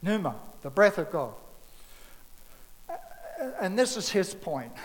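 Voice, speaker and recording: A man's voice: high-pitched, lively intonation, slow pace, long reverb tail, a little hiss or hum, rough recording. A man preaching a sermon in a loose, conversational way, acting out bits of scripture dialogue.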